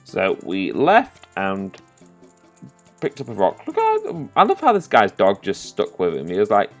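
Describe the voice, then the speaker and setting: A man giving casual, sweary commentary over a video game, bursting into loud, excited outbursts. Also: on the low side, a little slow, soft background music. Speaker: gaming commentator. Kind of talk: post-play game commentary.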